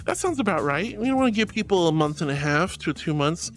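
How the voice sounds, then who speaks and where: A woman streaming, chatting casually and reading viewers' messages aloud, swinging between soft low musing and high excited squeals. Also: fairly quick, soft background music.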